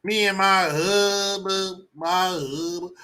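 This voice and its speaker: A man's voice: high-pitched, steady tone, very slow, pushed and bright, clean tone, pitched above the performer's own voice, heavily acted. A man putting on a simpering, sing-song impression of a woman politician in a mocking video commentary. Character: whiny mocked woman politician, grown woman.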